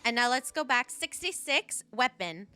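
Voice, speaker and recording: A woman streaming a game live, talking to her chat and breaking into excited squeals. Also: fairly high pitch, normal speed, soft background music.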